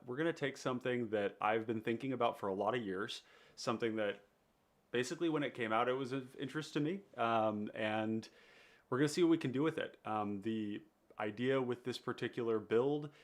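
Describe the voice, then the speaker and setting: A man's voice: medium pitch, brisk. A man with a nasal, congested voice, hosting a live stream in an easygoing, rambling way with many fillers. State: under the weather, congested. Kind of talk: casual live stream chat.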